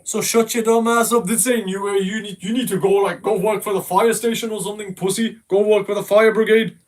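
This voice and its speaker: A man hurls profane insults in a game voice chat, mocking and relentless. His voice sits high for a man. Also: fairly even intonation, a little fast, few pauses. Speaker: gamer in a voice call. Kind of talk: casual trash talk.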